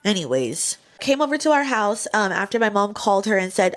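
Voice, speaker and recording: A young woman telling a personal story in a casual, animated way, acting out the voices of the people in it. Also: medium pitch, brisk, few pauses. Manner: animated, acts out voices in quotes.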